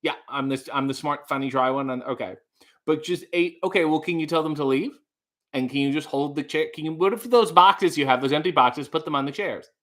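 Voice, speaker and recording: A man's voice: on the high side, a little fast, natural voice. A man playing a dry, sarcastic caller trying to book a table over the phone. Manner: deadpan, sarcastic. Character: sarcastic dry-witted man phoning a restaurant.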